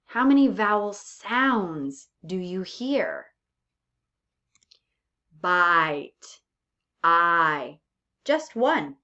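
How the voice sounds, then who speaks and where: A woman's voice: medium pitch, fairly bright tone. A woman teacher giving a recorded lesson, speaking patiently and drawing out her example words. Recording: dull lo-fi recording.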